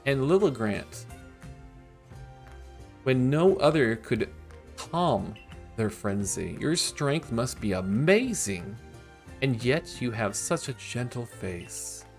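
A man voicing a dignified, calm female clan leader from a game, reading her lines in a slow, measured way. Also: medium pitch, faint music behind. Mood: stately. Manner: slow, measured, stately delivery.

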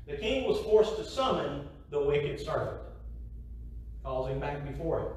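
A man's voice: fairly high pitch, very animated, a little slow, a little mellow. A middle-aged man preaching a sermon, emphatic, repeating key phrases and asking the congregation rhetorical questions. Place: church sanctuary. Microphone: distant mic. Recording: very echoey hall from a distance, faint hiss.

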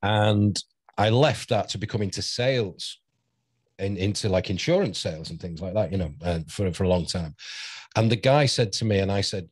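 A host of around sixty from St Helens, near Liverpool, England, rambles through anecdotes and laughs often during a casual interview chat. His voice is fairly low and breathy-edged at normal speed, recorded with no echo.

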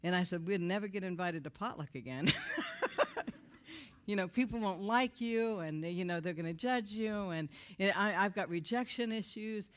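A woman's voice: mid-range voice, moderate pace. A middle-aged woman giving a confessional testimony in a church, telling her story with emotion and laughter. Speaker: guest speaker. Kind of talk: testimony sermon.

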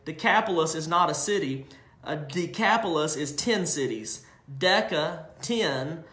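High-voiced preacher in an echoey room. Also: male voice, animated, pushed and bright. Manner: emphatic, drawn-out scripture reading with asides. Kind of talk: sermon.

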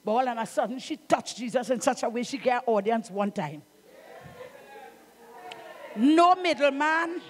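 A middle-aged woman pastor with a Trinidadian accent, preaching a sermon in an emphatic, fervent way, calling out to the congregation and breaking into shouts. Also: a little high, animated, measured pace, long pauses.

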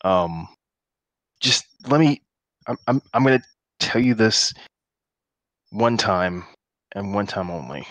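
A weary middle-aged tavern keeper, as a man puts him on, low and firm. He speaks quietly, with stern warnings, in a dry close sound. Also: lively intonation, slow, pauses often, dry recording.

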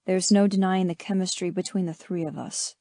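A woman's voice: lowish voice, steady tone, a little fast, mellow, no room sound, lightly acted. Woman reading an earnest young male lover. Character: intense adoring young man, lover.

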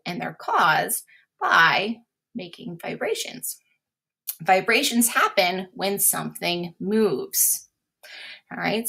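A special education teacher reads a simple science lesson aloud for a remote class, recorded in a classroom or at home. She patiently repeats key words and sometimes drops to a whisper for examples, her lowish voice bright and forceful with vocal fry and a breathy edge.

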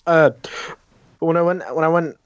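A man's voice: fairly high pitch, steady tone, normal speed, lo-fi sound. A young man ranting in a casual chat, swearing often and filling gaps with "like". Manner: ranting, swearing, lots of filler words.

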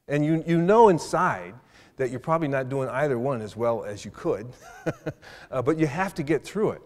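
A man's voice: mid-range voice, animated, normal speed. Older man lecturing in a hall. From South Side of Chicago. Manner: thoughtful, with frequent restarts and hesitations. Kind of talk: university lecture.

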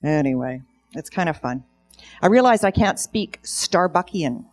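A woman's voice: deep voice, animated, measured pace, a little mellow, soft background music. A middle-aged woman telling stand-up comedy stories on stage, in a dry storytelling way. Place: event stage.

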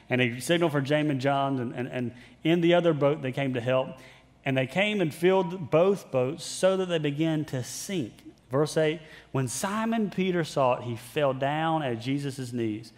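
A man's voice: fairly high pitch, moderate pace, a little mellow. A man preaching a sermon as pastor, telling the story conversationally, repeating phrases for emphasis and acting out the characters' lines. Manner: conversational storytelling with playful put-on voices.

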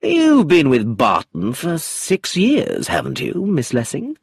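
A man's voice: fairly high pitch, huge pitch swings, takes it slowly, vocal fry, husky, dry recording, studio quality, voice pushed up, heavily acted. A man playing a charming, amused rogue who is cold underneath, drawling and chuckling as he talks in a storybook reading.

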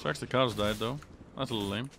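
A young man commentating his own gameplay on a live stream, swearing, trash-talking and yelling when excited. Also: medium pitch, quick pace, gravelly, background noise. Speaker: gaming streamer.

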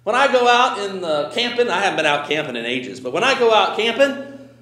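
A man preaching as a pastor, conversational and animated, swinging from loud emphasis to quiet asides. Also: sits high, fairly quick, echoey room. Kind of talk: sermon.

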